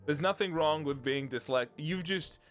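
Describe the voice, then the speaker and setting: A man's voice: a little high, normal speed, fairly bright tone, soft background music. A young British man, a streamer, rambling through a casual chat and laughing often. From Britain.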